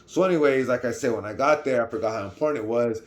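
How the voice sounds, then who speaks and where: A man's voice: medium pitch, fast. A middle-aged man with a Californian accent telling a personal story in a casual vlog, rambling with restarts and asking "right?" as he goes. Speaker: vlogger.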